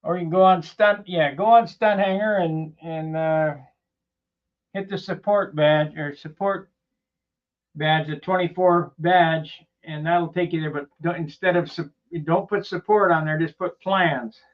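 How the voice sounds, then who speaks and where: A man's voice: on the high side, fairly even intonation, a little slow, lo-fi sound. Plainspoken man rambling in a workshop vlog. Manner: rambling and plainspoken, with loose asides. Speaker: model airplane builder and channel host.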